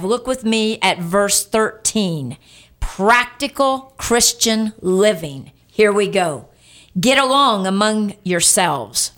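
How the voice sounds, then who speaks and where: A woman pastor preaching a sermon in an emphatic, lively way, asking her listeners questions. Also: medium pitch.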